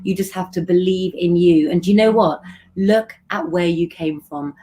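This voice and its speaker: A woman's voice: on the low side, fairly even intonation, moderate pace, mellow. A middle-aged woman hosting a live stream, chatting affectionately with viewers and giving tarot readings.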